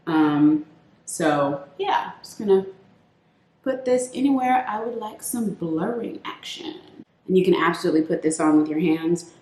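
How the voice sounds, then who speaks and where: Chatty woman beauty vlogger, lowish voice. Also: animated, a little slow, darkish tone, reverberant. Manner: chatty, playful, addresses viewers as sis. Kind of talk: casual makeup tutorial chat.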